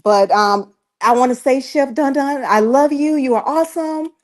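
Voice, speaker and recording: A woman's voice: sits high, normal speed. A woman from Alabama with a Southern accent, a lawyer chatting on a panel, thoughtful and rambling with fillers. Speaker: bankruptcy lawyer guest on a panel. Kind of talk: casual call-in chat.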